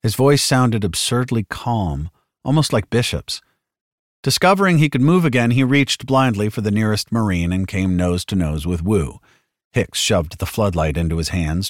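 A man reading an audiobook with dramatic narration, shouting the characters' lines at full force. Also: sits low, dry recording, studio quality.

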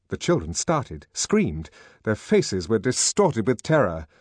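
A man reading an audiobook as narrator, in measured, expressive scripted storytelling. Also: lowish voice, no room sound.

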